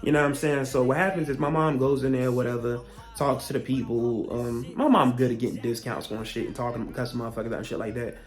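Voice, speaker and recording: Young man, storytime vlog, rapid-fire, profane, heated, faint music underneath. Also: medium pitch. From Virginia, US. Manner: profane, heated retelling with animated quoted rants. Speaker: vlogger.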